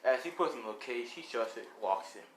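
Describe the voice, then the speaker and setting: A man's voice: mid-range voice, expressive, brisk, noisy background. A man casually narrating a fan-made story, rambling with lots of fillers. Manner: rambling, many fillers like "you know" and "as".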